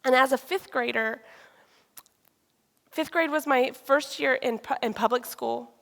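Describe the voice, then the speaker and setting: Gravelly woman in a church hall. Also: high-pitched, a little slow. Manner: lively storytelling, acting out conversations. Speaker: speaker sharing a personal testimony. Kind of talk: personal testimony talk. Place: church sanctuary. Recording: reverberant hall.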